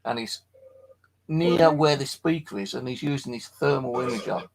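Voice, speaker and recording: A tired man streaming late at night from his flat, telling a rambling, sweary story and chatting to viewers. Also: mid-range voice, normal speed, creaky, slight background noise, low-quality recording. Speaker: paranormal live streamer. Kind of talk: casual late-night live stream chat.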